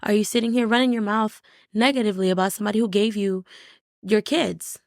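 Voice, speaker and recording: A woman's voice: mid-range voice, steady tone, fast talker, darkish tone, no room sound, studio quality. A woman guest on a podcast, talking candidly and reflectively in short, restarting phrases. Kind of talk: candid conversational interview.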